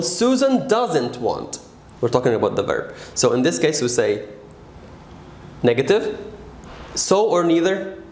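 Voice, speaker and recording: A man teaching an English grammar lesson, patient and stressing key words slowly. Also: mid-range voice, darkish tone, roomy sound.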